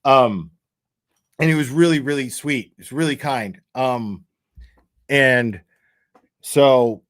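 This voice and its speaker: A man's voice: mid-range voice, fairly bright tone, no echo, studio quality. A man, choked up and tearful as he talks on a true crime livestream, stumbling over his words and swearing freely. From Tennessee. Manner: halting, repeats words, swears often. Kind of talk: emotional livestream talk.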